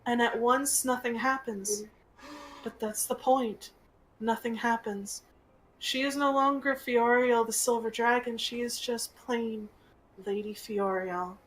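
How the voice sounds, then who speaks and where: A woman game master narrating a tabletop game in a slow, gentle storytelling manner. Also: a little high, slight background noise, rough recording.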